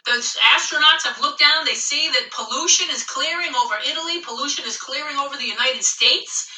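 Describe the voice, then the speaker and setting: A middle-aged woman doing a casual stand-up monologue at home, profane and animated, laughing at her own jokes. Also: sits high, brisk, echoey room, far from the mic, rough recording. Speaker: stand-up comedian.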